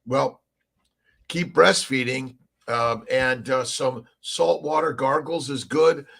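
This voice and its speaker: A middle-aged man with a gravelly edge hosts a casual morning livestream. He rambles cheerfully and greets his viewers one by one, and his voice sits at a middle pitch. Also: slow, a bit bright. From Southern California. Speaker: livestream host.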